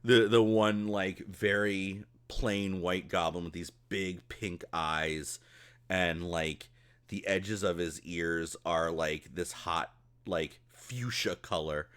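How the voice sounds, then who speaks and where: A man with a fairly low voice that still sounds bright and forceful. He narrates a tabletop game as its game master, laughing often as he describes scenes. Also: fairly even intonation, slow pace, clean tone.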